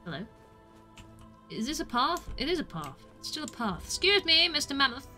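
A young woman streamer from the UK narrates her play in a high, bright voice, joking at herself and letting out squeals under attack. Soft game music plays behind her. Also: very animated, moderate pace. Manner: chatty and self-mocking, with squeals when attacked. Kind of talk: casual gameplay commentary.

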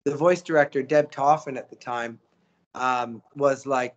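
A man, a voice actor guest, telling stories in a casual interview, lively and coaching with acted-out quotes. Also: medium pitch, unhurried, muffled recording. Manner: animated, acts out quotes, coaching.

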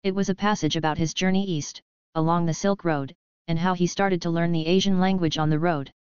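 Woman reading a novel out loud, steady, low smooth voice, dry dull sound. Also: a little fast, no echo. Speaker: audiobook narrator. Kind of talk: novel narration.

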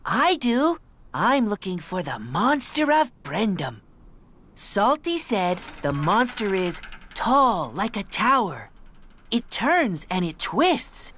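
A small, excitable young engine from a cartoon, as a man puts him on. His voice sits high and bounces all over the place, slow and earnest, with soft music underneath. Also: full character voice. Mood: eager. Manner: eager and pleading. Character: small eager young male tank engine, curious and excitable.

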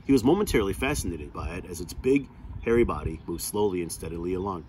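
Low-voiced man reading a novel aloud. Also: lively intonation, fast, darkish tone, a little hiss or hum. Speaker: reader.

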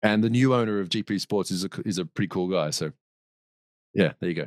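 A man's voice: low-pitched, quick pace, dry recording, clean studio sound. A man as a podcast guest, telling a long story in a rambling way, with restarts and laughs. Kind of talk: casual storytelling.

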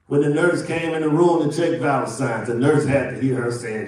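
Pastor preaching in an echoey church. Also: male voice, medium pitch, level tone, moderate pace, few pauses, far from the mic. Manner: preaching with big swings from loud to hushed. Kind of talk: sermon. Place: church sanctuary.

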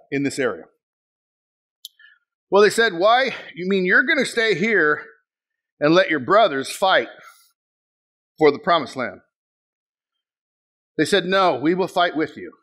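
Middle-aged guy pastor preaching, high bright voice, gets loud and shouty telling stories. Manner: animated storytelling, bursts into shouts, acts out quotes. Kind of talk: sermon.

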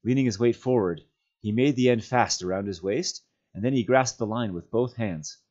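A man reading a novel aloud as a volunteer, with steady, measured storytelling. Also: medium pitch. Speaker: volunteer reader. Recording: dull lo-fi sound.

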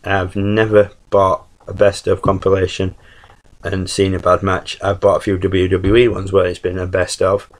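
A man's voice: sits low, monotone, normal speed, rough recording. A man from the UK giving a casual spoken review, rambling with lots of ums and restarts. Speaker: YouTube reviewer.

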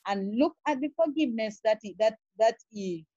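With a warm tone and lively intonation, this woman's high-leaning voice carries a sermon as she reads scripture, halting and repeating words while asking "all right?" to check on listeners. There's no echo, though the sound is dull, dry, and lo-fi.

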